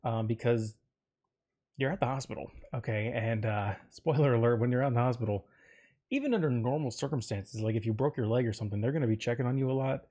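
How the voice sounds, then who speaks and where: A man's voice: medium pitch, fast, dark tone. A man hosting a solo podcast, telling a personal story in a rambling, self-interrupting way with frequent fillers and jokes. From Florida, United States. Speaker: podcast host.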